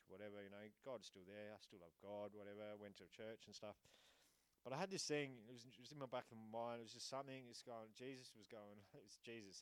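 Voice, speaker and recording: A man's voice: fairly low pitch, clean tone, no echo, poor audio. A man giving a rambling personal testimony to an audience, full of fillers. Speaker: program resident giving testimony. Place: speaking in front of an audience.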